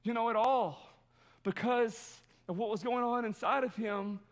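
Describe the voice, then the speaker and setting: Pastor guy with a high voice, earnest storytelling sermon, chatty. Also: steady tone, measured pace. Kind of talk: conversational sermon.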